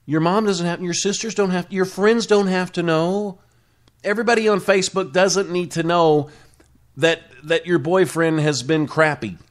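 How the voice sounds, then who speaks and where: A man's voice: high-pitched, steady tone, normal speed. Rambling male talk show host. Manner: rambling, self-correcting, with frequent restarts. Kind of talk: casual solo talk show monologue.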